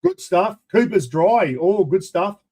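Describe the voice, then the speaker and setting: Brief: Australian man, charity stream host, chatty and matey, voice sits a little high. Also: animated, a little slow, husky. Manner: matey, rambling shout-outs to viewers. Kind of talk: casual live-stream chat.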